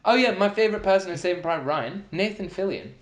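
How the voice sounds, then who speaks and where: Higher-voiced man rambling jokily. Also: lively intonation, quick pace, roomy sound. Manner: rambling, jokey storyteller. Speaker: podcast co-host. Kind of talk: casual chat.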